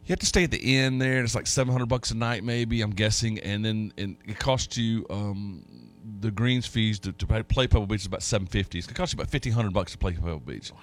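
A man's voice: fairly low pitch, fast talker, hardly any pauses. A man hosting a sports talk radio show, telling stories in a folksy, rambling way with many restarts. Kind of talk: casual sports radio chat.

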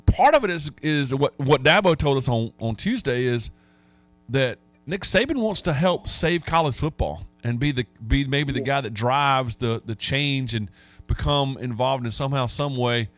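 A man hosting casual sports talk radio, telling stories and getting animated when he quotes others. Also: medium pitch, moderate pace, dry recording.

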